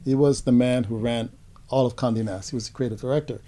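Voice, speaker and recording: An older man being interviewed, telling stories from his career in a relaxed, reflective way with frequent fillers. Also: medium pitch, fast. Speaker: interview guest, photographer.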